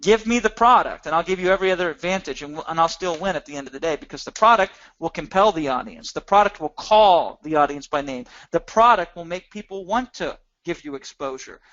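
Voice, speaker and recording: A man's voice: a little high, lively intonation, fairly quick, hardly any pauses, a bit bright, no echo, muffled recording. A man teaching a recorded training session, talking emphatically and asking many rhetorical questions. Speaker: course instructor.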